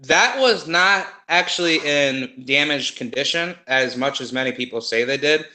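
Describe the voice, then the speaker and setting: A man in casual conversation, rambling and animated with many fillers and restarts. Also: a little high, moderate pace, echoey room, rough recording. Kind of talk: casual conspiracy chat.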